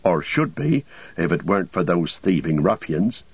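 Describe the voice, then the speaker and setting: Man reading as a homely older hobbit wife, polite, husky voice, dull sound. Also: low voice, big pitch swings, moderate pace, no room sound, heavily acted. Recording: dull lo-fi recording.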